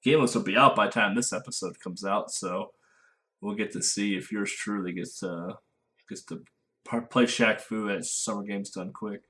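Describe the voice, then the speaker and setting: A man's voice: on the low side, moderate pace, sharp tone. A man co-hosting a casual podcast, joking and laughing often as he talks through upcoming speedrun events. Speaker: podcast co-host. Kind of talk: casual chat.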